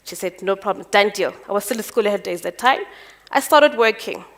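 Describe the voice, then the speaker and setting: A South African woman telling her life story on stage, animated and acting out the dialogue. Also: medium pitch. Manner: animated, acts out dialogue with quick voice jumps. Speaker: entrepreneur speaker. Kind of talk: personal storytelling talk.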